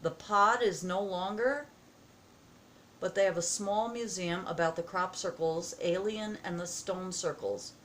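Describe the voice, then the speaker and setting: A woman vlogging at home as she opens happy mail, excited, gasping and halting with many fillers. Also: on the low side, slight background noise. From United States. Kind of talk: casual vlog chat. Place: home, indoors.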